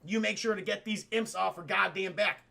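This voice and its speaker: A man's voice: high-pitched, brisk, vocal fry, heavily acted. A man doing a blunt old mentor wizard. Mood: calm. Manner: calm, coaching, swearing.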